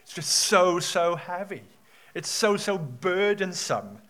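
A man's voice: sits high, animated, takes it slowly, sharp tone, heavily acted. A man voicing a weary young bride who complains about her wedding ring. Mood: whiny. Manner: complaining, sighing.

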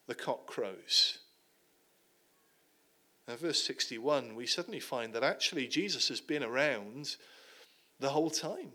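A man preaching a sermon, retelling the passage dramatically and dropping to hushed tones at the heavy moments. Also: mid-range voice.

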